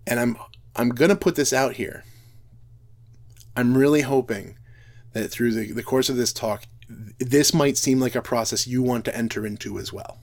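A man giving a heartfelt, reflective talk at a middle pitch. He often restarts his sentences as he works through his thoughts, and his speaking rate varies. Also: moderate pace, pauses often, darkish tone. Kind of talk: earnest talk on role-play and Bible reading.

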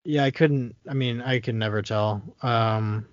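A man's voice: medium pitch, fairly even intonation, unhurried, dry recording, lo-fi sound. A man casually talking through a movie's plot, rambling with lots of fillers and restarts. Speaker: podcast co-host.

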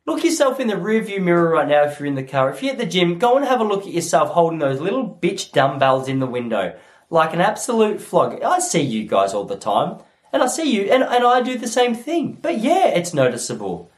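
A man's voice: high-pitched, big pitch swings, fairly quick. A young Australian man telling a funny story to his listeners, swearing freely as he goes. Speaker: podcast host. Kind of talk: comedic monologue to listeners.

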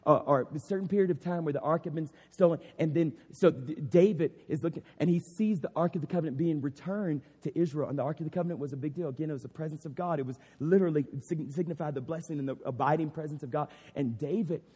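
A man's voice: on the high side, fast talker, few pauses, a little mellow, husky. A man preaching an impassioned sermon as a pastor, circling back with "I mean" and "literally". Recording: long hall reverb.

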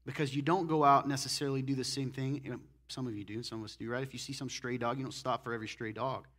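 A man preaching a sermon as pastor, animated, moving between loud emphatic lines and hushed, intense ones. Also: medium pitch, fast talker.

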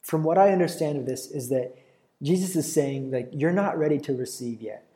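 A man's voice: on the high side, normal speed, dark tone. A young man preaching a sermon in an earnest, conversational way, often restarting his sentences.

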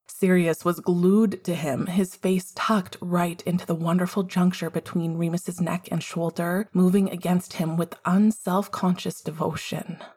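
A woman reads a fan fiction story aloud, her voice low-pitched and husky. She tells it in an expressive, measured storytelling manner. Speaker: narrator. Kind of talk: fan fiction audiobook reading.

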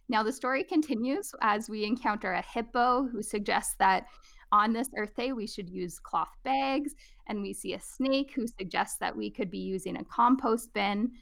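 A woman co-hosting a podcast, reading a picture book aloud and leading a casual discussion in an expressive way. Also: mid-range voice, moderate pace, gravelly. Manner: expressive, animated. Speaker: podcast co-host.

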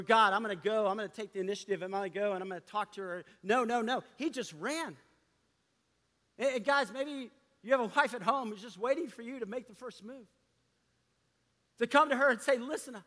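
A man preaching a sermon to a gathering of men, impassioned, dropping to a hush and rising again. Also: sits high. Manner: impassioned preaching, swinging between loud and hushed. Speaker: pastor. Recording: long hall reverb.

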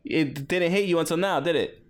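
A man co-hosting a casual chat, swearing freely and mimicking others in loud, high-pitched voices. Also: normal speed, very noisy.

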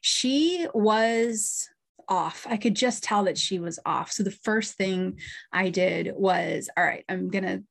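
A middle-aged woman who works as a medium and hosts a podcast tells a story in a chatty monologue, full of asides and little laughs. She speaks slowly at medium pitch, with vocal fry.

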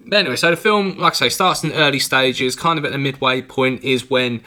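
A man's voice: mid-range voice, fairly quick, bright, forceful tone. A man from England co-hosting a podcast, chatting casually and rambling through a film review, with the odd swear word. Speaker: podcast co-host.

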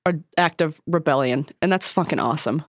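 A woman co-hosting a podcast, chatting in an animated, emphatic way and swearing freely. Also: low-pitched, brisk, no echo, studio quality. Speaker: podcast co-host. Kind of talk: casual chat.

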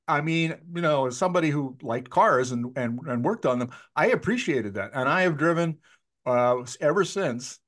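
In a conversational interview, a man in his sixties shares anecdotes and chats with his guest, often restarting mid-sentence. His voice is mid-range and a bit bright.

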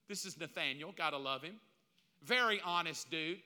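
A man's voice: a little high, lively intonation, moderate pace, sharp tone. A man preaching a sermon, emphatic and repetitive, with casual slang mixed in. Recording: long reverb of a large hall.

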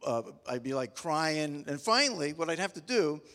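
A man's voice: a little high, very animated, moderate pace, fairly bright tone. A middle-aged man preaching a casual sermon, telling folksy, humorous stories in a rambling, stop-start way full of restarts. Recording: long reverb of a large hall.

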